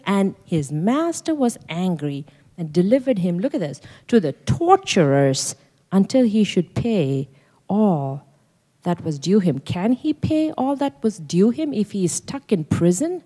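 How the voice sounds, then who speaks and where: A woman's voice: medium pitch, sing-song, measured pace, mellow. A woman pastor delivering a sermon at a conference, stressing and repeating key phrases and asking the audience questions. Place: conference hall. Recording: long reverb of a large hall.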